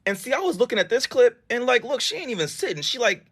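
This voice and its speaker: A man's voice: very high voice, big pitch swings, quick pace, fairly bright tone, breathy edge. A man casually narrating and reacting to a story, with incredulous, sarcastic asides. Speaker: reaction commentator.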